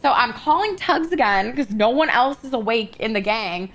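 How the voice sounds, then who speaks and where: A woman with a slightly high voice tells a story in character for a roleplay. She vents loosely, swears a lot and skips details with breezy "blah blah" filler. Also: expressive, moderate pace, a bit bright. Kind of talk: casual in-character roleplay chat.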